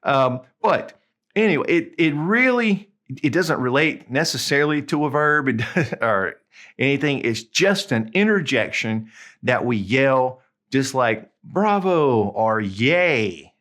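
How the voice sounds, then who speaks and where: A man teaching a video language lesson, explaining in a relaxed way and drawing out words slowly to demonstrate them. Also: mid-range voice. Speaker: Spanish tutor.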